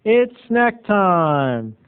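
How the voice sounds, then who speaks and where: A man putting on a grand male show announcer voice, booming and drawn out, recorded with tinny lo-fi sound. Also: very animated, very slow, clean tone, exaggerated voice. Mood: grandiose.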